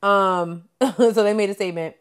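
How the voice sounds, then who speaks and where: A woman's voice: mid-range voice, moderate pace, clear, resonant tone. A woman podcast co-host in casual chat, reading news items aloud and adding blunt asides.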